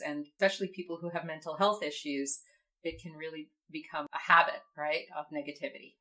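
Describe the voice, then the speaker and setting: A woman's voice: low voice, pushed and bright. A woman, a physician who hosts a podcast, interviewing a guest and adding brief encouraging remarks. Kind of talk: interview hosting.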